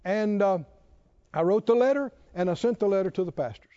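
A man's voice: sits high, fairly quick, dark tone, muffled recording. A man preaching a sermon, pressing his listeners with pointed rhetorical questions.

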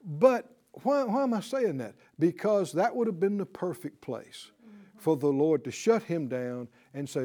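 Man preacher, high voice, wide swings, punchy exhorting class teacher. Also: unhurried. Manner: animated, punchy call-and-response preaching. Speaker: Bible teacher. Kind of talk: exhortational sermon-style class.

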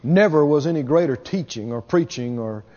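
A man's voice: on the high side, lively intonation, normal speed, darkish tone, long reverb tail, dull audio. A man preaching a sermon to a congregation, asking them questions as he goes. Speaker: pastor.

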